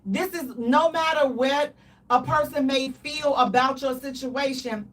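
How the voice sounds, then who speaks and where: A woman co-hosting a casual radio talk show, animated and dramatic, with playful exaggeration. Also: high-pitched, measured pace, recorded from a distance.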